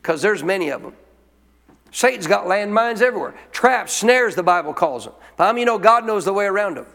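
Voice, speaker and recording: A man's voice: sits high, lively intonation, fairly quick, gravelly, a bit bright, big-room sound. A male pastor preaching a sermon in a conversational way, often asking the congregation questions.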